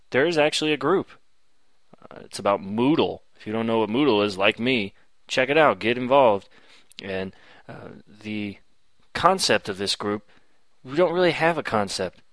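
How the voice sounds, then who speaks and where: A man's voice: medium pitch, fairly bright tone, dry recording. A man hosting a podcast for teachers, friendly and inviting, in casual chat. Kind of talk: casual upbeat podcast intro.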